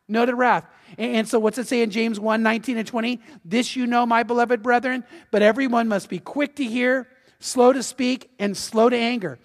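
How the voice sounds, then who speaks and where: A male pastor preaching in an animated, conversational way, often restarting his sentences. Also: extremely high pitch. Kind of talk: sermon. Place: church sanctuary. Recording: long hall reverb.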